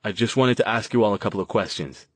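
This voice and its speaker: A man's voice: fairly low pitch, fast, dry recording, close to an everyday voice. A male narrator voicing an earnest young man who speaks urgently, close to his own voice.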